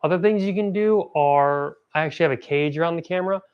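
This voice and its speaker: A young man hosts a casual gear review vlog in a slightly high, smooth and resonant voice. He rambles with cheerful enthusiasm, often stopping to correct himself mid-sentence. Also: fast talker, muffled recording. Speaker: host.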